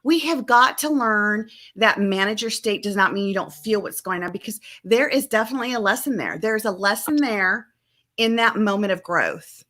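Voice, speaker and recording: A woman talking as a family coach in a live-stream conversation, emphatic and animated, often acting out quoted family dialogue over a video call. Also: medium pitch, normal speed.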